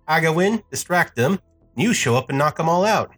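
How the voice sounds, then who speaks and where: A man's voice: a little high, lively intonation, a little fast, a bit bright, faint music behind, pitched above the performer's own voice. A scheming con man, played by a man at the game table, talks in a folksy, coaxing way. His voice lifts a little above the player's own. He sounds sly and sure of himself. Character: scheming male con artist, sly and smooth.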